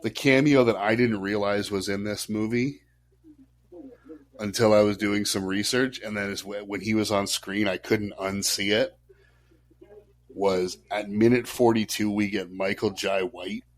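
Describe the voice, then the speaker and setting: A man co-hosting a casual podcast chat, animated and laughing as he retells film scenes. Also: on the low side, measured pace. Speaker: podcast co-host.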